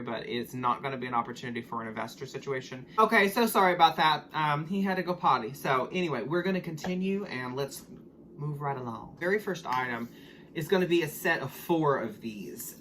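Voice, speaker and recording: His medium-pitched voice sounds pushed and bright, with a little hiss or hum in the background. He's a middle-aged estate liquidator and reseller from Oklahoma, USA, chatting loosely to camera vlog-style, with lots of ums and digressions.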